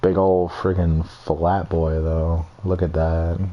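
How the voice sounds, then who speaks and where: A young man with a deep voice and little pitch movement talks slowly through his game builds in a casual screen recording, with the highs cut off. His commentary rambles, is full of swearing and puts down his own work.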